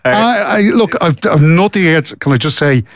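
A man's voice: a little high, brisk, dry recording, clean studio sound. Irish man, chatty podcast co-host. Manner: chatty storyteller, reads news in a steady run. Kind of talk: casual chat and sports news reading.

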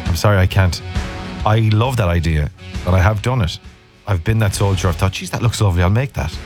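Chatty Irish radio host, low voice. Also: male voice, fairly quick, music in the background. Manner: chatty, teasing, rambling. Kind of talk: casual radio chat. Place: radio studio.

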